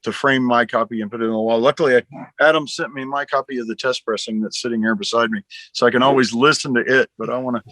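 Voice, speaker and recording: A man who is a charity organizer, guesting on a podcast and speaking warmly and gratefully, stumbling over the starts of his sentences. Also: mid-range voice, steady tone, fast, no room sound, low-quality recording. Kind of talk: casual interview talk.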